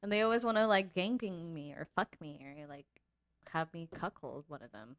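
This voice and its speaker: A woman's voice: low voice, normal speed, a crowd in the background. An American woman talking as a studio guest, telling stories candidly with lots of fillers. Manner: lively, candid storytelling with many fillers. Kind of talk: casual chat.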